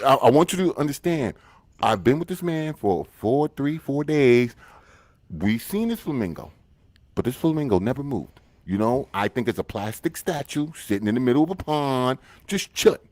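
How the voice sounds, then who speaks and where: A man co-hosting a casual podcast, telling an animated, profane story. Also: mid-range voice. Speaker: podcast co-host.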